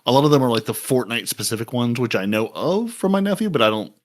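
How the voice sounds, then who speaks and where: A man co-hosting a podcast in casual chat, animated and full of filler words and laughs. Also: medium pitch, quick pace. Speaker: podcast co-host.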